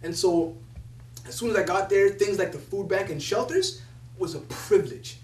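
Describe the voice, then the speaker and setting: A man's voice: sits high, moderate pace. A young man who is a poet laureate, telling stories animatedly and laughing as he quotes other people. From Somalia. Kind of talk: storytelling talk. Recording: echoey room from a distance with faint hum.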